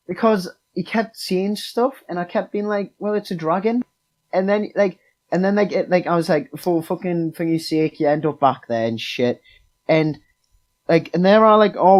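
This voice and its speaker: A man's voice: high voice, moderate pace, a little mellow, low-quality recording. Rambling young man game master. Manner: rambling storytelling full of fillers and quoted voices. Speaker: podcast co-host, game master. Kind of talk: casual chat.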